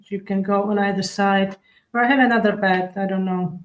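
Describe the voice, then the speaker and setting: A woman's voice: medium pitch, fairly even intonation, normal speed, muffled recording. A woman hosting a live cookie-decorating stream, chatting with viewers and explaining each step as she works. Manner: chatty, demonstrates step by step while reading viewer comments. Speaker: cookie decorating livestream host. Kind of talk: live tutorial chat.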